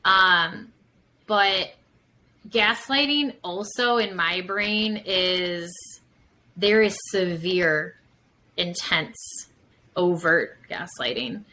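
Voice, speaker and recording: Woman, therapist guest, bright tone, casual chatter, lots of fillers. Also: lowish voice, drawn-out words, pauses often, poor audio. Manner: chatty, many fillers, acts out examples. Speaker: licensed psychotherapist guest. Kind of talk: casual podcast conversation.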